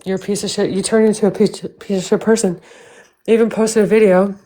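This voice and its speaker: A woman's voice: medium pitch, level tone, fast, warm tone, low-quality recording. A woman livestreaming, ranting at length in a heated, profane, repetitive way.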